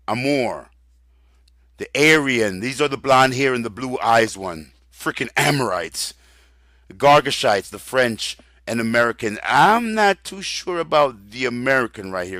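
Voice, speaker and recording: A man giving an informal religious lecture, rambling through lists with many fillers and turning loud and excited at times. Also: mid-range voice, no room sound, studio quality. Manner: grows loud and excited, laughs. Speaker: religious teacher.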